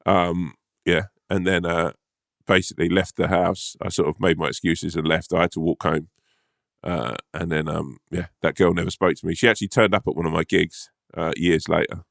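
A man's voice: sits low, steady tone, moderate pace, creaky, no room sound, studio quality. A man co-hosting a podcast, telling a sweary, laughing anecdote in casual chat. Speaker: podcast co-host. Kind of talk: casual storytelling.

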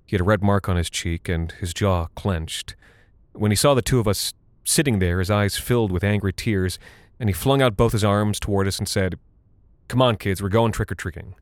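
A man giving a measured, somber first-person scripted horror narration. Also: on the low side, dry recording. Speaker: narrator and voice actor.

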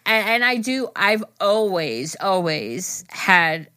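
A woman's voice: mid-range voice, very animated, takes it slowly, bright, forceful tone, no room sound. A woman in her thirties co-hosting a casual podcast, talking frankly about her kids and swearing freely. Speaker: podcast co-host.

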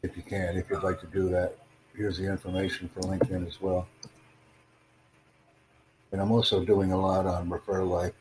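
A man's voice: deep voice, little pitch movement, moderate pace, pauses often, noisy background. A man hosting his own livestream podcast, chatting casually with callers in a rambling, repetitive, self-promoting way. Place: in the United States.

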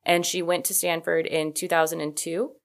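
A woman's voice: fairly low pitch, level tone, normal speed. A woman hosting a podcast, telling a story in a casual, chatty way, with many "like" fillers and sassy asides. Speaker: podcast host.

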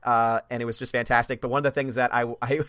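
A man's voice: medium pitch, flat delivery, fast, a bit bright, smooth, dry recording, clean studio sound. A man hosting a livestream chat, enthusiastic and laughing often, repeating words as he talks. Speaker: host of a livestream. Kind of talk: casual chat.

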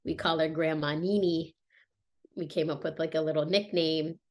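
A woman in her thirties talking casually and reflectively about her family, pausing often with fillers and restarts. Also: deep voice, steady tone, darkish tone. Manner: halting, many fillers and restarts. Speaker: guest sharing a personal story.

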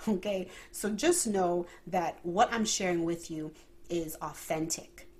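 Lady podcast host, lowish voice, chatty and excited, prays then just talks from the heart. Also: slow. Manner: chatty and animated, laughs often; prayerful, earnest. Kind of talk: unscripted faith podcast talk.

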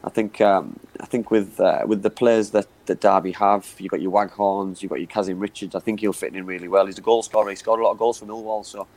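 Fast-talking low-voiced male football pundit. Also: steady tone, a little mellow, low-quality recording. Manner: rapid, repeats words, says "you know what I mean". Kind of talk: live football podcast chat.

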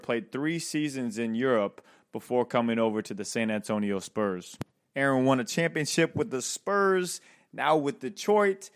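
A man's voice: mid-range voice, clear, resonant tone. A man hosting a podcast, giving an upbeat, hyped-up introduction. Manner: upbeat, hyped, jokes with put-on accents. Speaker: podcast host and life coach.

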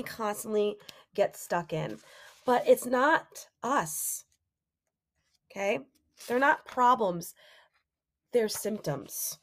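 A young adult woman hosting a solo podcast, talking casually and animatedly, acting out inner voices and quoted remarks. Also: on the high side. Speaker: podcast host.

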